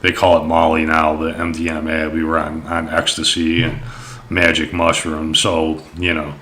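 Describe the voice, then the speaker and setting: A young man tells a personal story casually, rambling and swearing with plenty of fillers. His voice is very low but bright and forceful. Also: monotone, normal speed, a little hiss or hum. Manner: rambling, profane, many fillers.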